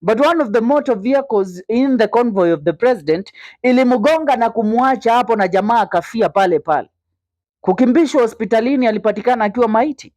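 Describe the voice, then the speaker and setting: A woman with a Kenyan accent delivers indignant, opinionated news commentary, asking rhetorical questions and slipping into Swahili. Her voice is a little high, animated and a little mellow, and she talks fast. The recording is dry.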